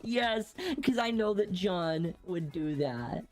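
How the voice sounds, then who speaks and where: A woman's voice: fairly low pitch, expressive, takes it slowly, darkish tone, soft background music. A woman co-hosting a podcast in casual chat. She is blunt and opinionated and laughs often. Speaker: podcast co-host.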